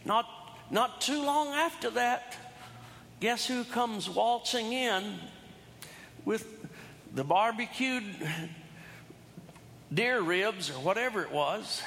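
A man's voice: high-pitched, expressive, takes it slowly, gravelly, pauses often, fairly bright tone, in a large hall, a little hiss or hum. A man preaching a sermon, retelling a story in a folksy, humorous way with asides to his congregation. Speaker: pastor.

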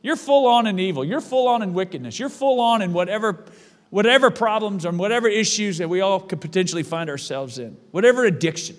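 A man's voice: high-pitched, expressive, a little fast, long reverb tail. A male pastor delivering a sermon in a church, emphatic and repeating his phrases for weight.

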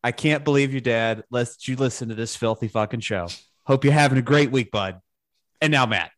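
A man's voice: medium pitch, moderate pace. A man co-hosting a podcast, bantering casually with profane jokes. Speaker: podcast co-host.

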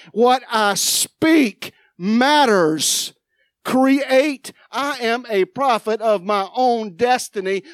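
Woman preacher, slow, dramatic sermon delivery, dry close sound. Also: on the high side, no room sound. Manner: dramatic, swings from loud declaring to quiet asides. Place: church sanctuary.

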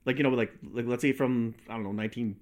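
A man's voice: mid-range voice, steady tone, fast, a little mellow. A young man co-hosting a casual podcast, rambling and agreeable, often restarting his sentences. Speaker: podcast co-host. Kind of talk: casual chat.

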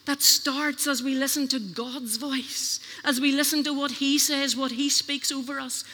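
A woman's voice: high-pitched, steady tone, moderate pace, few pauses, sharp tone. Earnest woman preaching in a reverberant hall. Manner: earnest, questioning the listeners. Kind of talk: sermon.

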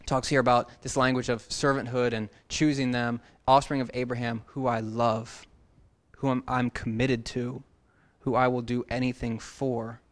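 A man's voice: medium pitch, little pitch movement, normal speed. Conversational man teaching a Bible passage. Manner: conversational, with joking asides. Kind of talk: casual expository sermon.

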